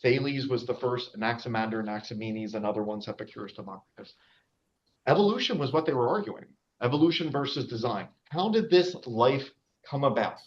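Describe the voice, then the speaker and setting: A man's voice: mid-range voice, lively intonation, fairly quick. A man giving an informal public lecture about wildlife, chatty and often checking in with his audience. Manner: chatty, checks in with the audience using "all right?"; frequent fillers and restarts. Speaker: lecturer and nature guide. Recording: dull lo-fi recording.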